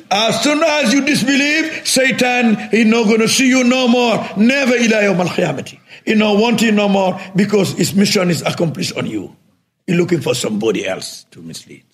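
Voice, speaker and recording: Man, religious teacher, sermon, fairly high voice, loud then very quiet. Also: animated, normal speed. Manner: non-native English, asks listeners if they follow, swings between loud and very quiet.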